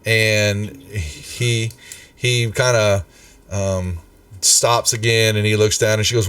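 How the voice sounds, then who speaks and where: Game master, male, unhurried and halting, recorded dry from a distance. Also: fairly low pitch, steady tone, a bit bright, clear, resonant tone. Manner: rambling, halting with fillers. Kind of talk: narrating a tabletop game.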